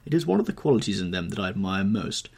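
A man voicing a witty, cynical aristocratic gentleman who drawls amused epigrams, in an audiobook reading. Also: lowish voice, very animated, fast talker, creaky, husky, exaggerated voice.

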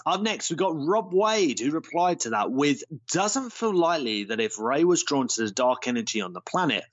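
A man co-hosting a casual podcast, reading listener messages aloud and reacting in a relaxed way. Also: medium pitch, muffled recording. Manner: relaxed, reads listener comments aloud with lively intonation. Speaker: podcast co-host.

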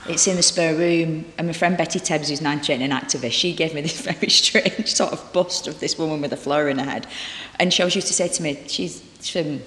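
Low-ish woman's voice, chatty and halting, lots of restarts, roomy echoey library hall. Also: fairly bright tone. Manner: chatty, halting, full of restarts and acted-out dialogue. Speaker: actor and guest. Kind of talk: candid conversational interview. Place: library reading room. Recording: roomy echo with long reverb.

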